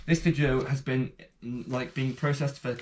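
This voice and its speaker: A man talking through a casual unboxing vlog at a middling pitch, hesitant and rambling with plenty of ums and false starts. He sounds like he is still getting over a cough. Faint crinkling of packaging and clicks sit behind him. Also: creaky, mellow, a little hiss or hum. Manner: rambling, hesitant, many fillers and restarts. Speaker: vlogger.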